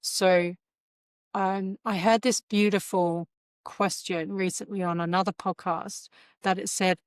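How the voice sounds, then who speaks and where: A middle-aged woman yoga teacher, a podcast guest, talking in a gentle, earnest, reflective way. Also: medium pitch, steady tone, measured pace, clear, resonant tone, no echo. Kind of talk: casual interview chat.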